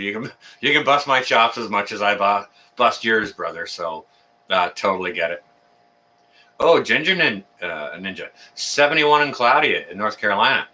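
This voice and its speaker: A man's voice: fairly low pitch, bright, forceful tone. A man hosting a casual live stream, greeting viewers by name and chatting in a rambling way full of fillers. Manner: rambling, filler-heavy, friendly banter. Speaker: livestream host. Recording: voice a bit far from the mic.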